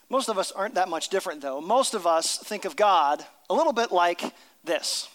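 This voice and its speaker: Man, pastor, sermon, high voice, storytelling, long hall reverb. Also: expressive, normal speed. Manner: storytelling, dropping to a hushed voice for tender moments.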